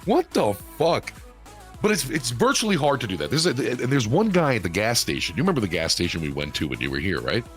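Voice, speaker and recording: A man's voice: medium pitch, quick pace, soft background music. A man co-hosting a casual podcast, telling stories with lots of swearing and acting out other people in exaggerated voices. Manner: animated storytelling, acts out other people in swinging voices, swears a lot. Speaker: podcast co-host, streamer. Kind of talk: casual chat.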